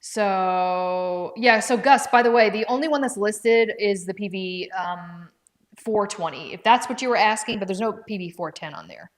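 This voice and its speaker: Indoors at home alongside her dog, a livestream product presenter chats with viewers, calling them by name and reading comments aloud as she works out prices. Her voice is mid-range and moves at an ordinary pace.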